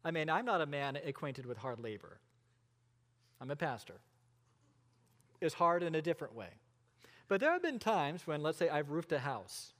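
Male pastor, middle-aged, sermon delivery with rhetorical questions, lively rising and falling pitch, long hall reverb. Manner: expository preaching with rhetorical questions and dramatic pauses.

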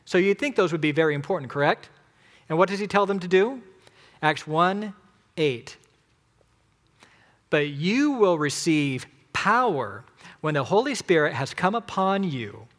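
A fairly high-voiced man preaching with emphasis, counting off his points and putting questions to the congregation. His voice rings out with a long reverb from a large hall. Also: fairly bright tone. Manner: emphatic, rhetorical questions to the audience. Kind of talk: sermon.

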